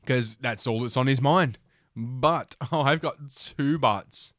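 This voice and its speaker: This podcast host has a mid-range, fairly bright voice and takes his time as he reads an article aloud. He breaks in with crude, mocking commentary, cursing a lot and chuckling at his own jokes. The sound is clean studio audio without echo.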